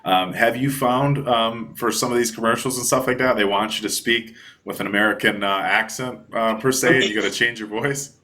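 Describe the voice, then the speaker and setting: A man's voice: mid-range voice, fairly even intonation, brisk, pushed and bright. A man hosting a casual interview, asking friendly, meandering questions full of fillers. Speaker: interviewer, host.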